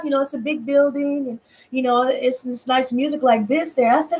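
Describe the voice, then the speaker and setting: Woman, high voice, tarot channel host, casual chat to viewers, animated, swears a lot. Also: a little fast. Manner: animated, swears freely, acts out dialogue in bursts.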